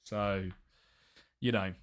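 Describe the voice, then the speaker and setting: A man's voice: lowish voice, fairly even intonation, very slow, clear, resonant tone. A young British man chatting casually on a live gaming stream, muttering to himself and laughing often.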